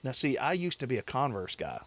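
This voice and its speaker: A man's voice: medium pitch, big pitch swings, a little fast, a bit bright. A man hosting a casual livestream chat, rambling and repeating himself as he answers viewers with easy laughs. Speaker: livestream host.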